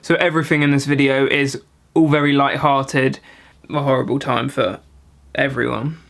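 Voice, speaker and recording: A man's voice: mid-range voice, moderate pace, vocal fry. Ranting young British man. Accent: British English. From Britain. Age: young adult. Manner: animated, exaggerated ranting with mock outrage. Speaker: vlogger. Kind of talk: comedic rant to camera.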